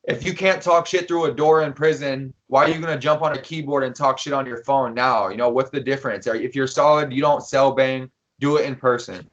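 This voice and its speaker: A man's voice: medium pitch, fairly even intonation, a little fast, hardly any pauses, a bit bright. A man co-hosting a podcast, cutting in to explain things to listeners in an emphatic, profane way. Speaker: podcast co-host. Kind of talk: casual explanatory chat. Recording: dull lo-fi recording.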